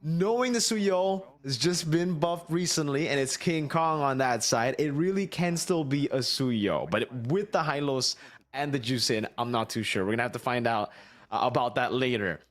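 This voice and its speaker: A man's voice: medium pitch, normal speed. A man giving live esports analysis, explaining strategy at length and checking in with rhetorical questions. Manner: analytical, explains strategy in long runs, asks rhetorical "right?". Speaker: esports co-caster.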